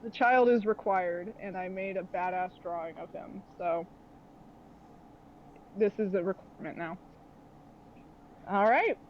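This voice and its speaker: A woman's voice: mid-range voice, a little slow, long pauses, a little hiss or hum. A young woman narrating a tabletop game as game master, rambling with many fillers. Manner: rambling, filler-heavy, laughing often. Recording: dull lo-fi audio.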